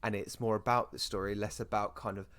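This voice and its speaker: A hoarse British man co-hosting a podcast in a chatty, rambling way. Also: on the low side, flat delivery, brisk, a bit bright. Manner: chatty, rambling asides, repeats himself. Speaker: podcast co-host. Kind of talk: casual podcast chat.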